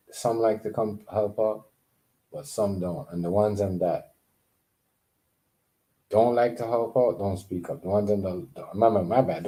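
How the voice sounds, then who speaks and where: A man's voice: sits low, mellow. A man in a casual, rambling vlog rant, profane and emphatic, often repeating himself. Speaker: vlogger.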